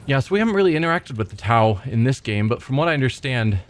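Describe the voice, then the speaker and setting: A man's voice: medium pitch, very animated, quick pace. A man hosting a let's play, reading the game's text aloud and commenting on it in a casual, thinking-aloud way.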